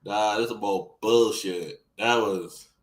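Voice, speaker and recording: A man's voice: lowish voice, takes it slowly, roomy sound, rough recording. A man co-hosting a casual esports podcast, swearing a lot and acting out quotes as he tells stories. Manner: profane, animated storytelling with put-on quotes. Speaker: podcast co-host.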